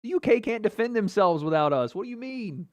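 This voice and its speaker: Male streamer, slightly high voice, casual and cocky, ribs the chat, laughs a lot. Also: animated, a little fast. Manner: joking, trash-talking, laughing often. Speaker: livestream host. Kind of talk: casual livestream chat reading comments.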